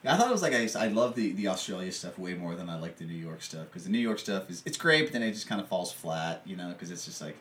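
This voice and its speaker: A man's voice: low-pitched, sing-song, fast, few pauses, fairly bright tone. A man chatting casually about a movie, rambling with lots of fillers and frequent laughter. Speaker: podcast co-host. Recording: distant mic with faint background noise.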